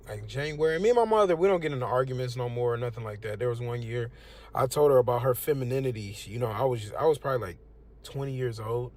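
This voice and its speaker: A young man from the United States giving a casual religious testimony, preachy and conversational. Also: mid-range voice. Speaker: testimonial speaker.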